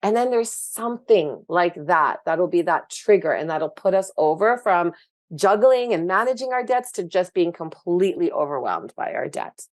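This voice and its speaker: A woman's voice: fairly low pitch, expressive, moderate pace. A woman, a guest speaking frankly and with animation about her own past, with many fillers. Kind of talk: candid personal story in interview.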